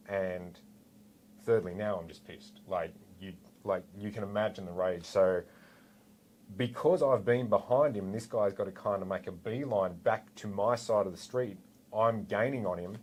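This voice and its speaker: A man in his forties with an Australian accent, a former police officer telling a story in a relaxed, animated way with lots of asides. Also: low-pitched, a little hiss or hum. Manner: animated, rambling with fillers and asides. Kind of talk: casual storytelling anecdote.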